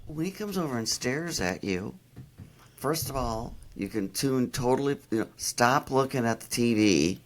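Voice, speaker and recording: A middle-aged woman dog trainer, enthusiastic and animated, explaining how to read pets in a casual interview. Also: very deep voice, normal speed, a little hiss or hum.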